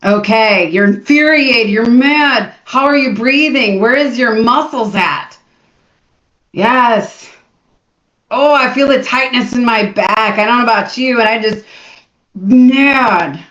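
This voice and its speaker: A woman coach leads a live motivational workshop, coaxing her audience to join in with plenty of energy. Her voice sits a little high. The sound carries the echo of the room and a dull, lo-fi quality. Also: unhurried, fairly bright tone.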